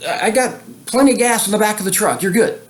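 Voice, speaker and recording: A man's voice: sits high, voice pushed up, natural voice. A man doing an eager, friendly gas station guy. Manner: quick, repetitive, stammering.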